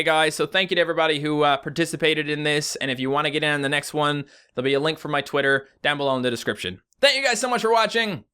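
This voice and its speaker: Young canadian dude rambling through fan questions, jokey, kinda high voice. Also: male voice, sharp tone, clean tone. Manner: chatty, joking, rambling asides. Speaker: YouTuber. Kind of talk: casual vlog reading tweets.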